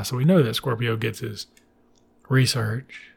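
A man's voice: medium pitch, level tone, normal speed, vocal fry, slightly rough. A man casually recapping a film plot, profane and wry, with rambling asides.

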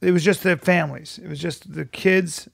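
Male comedy podcast co-host, high voice with gravel, rambling jokey delivery. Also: fairly even intonation, normal speed. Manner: joking, rambling with restarts. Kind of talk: casual comedy podcast chat.

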